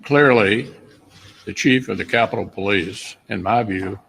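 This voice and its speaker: An older man, a senator, giving slow, halting remarks to the press. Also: fairly low pitch, vocal fry, a bit bright, slight background noise, rough recording.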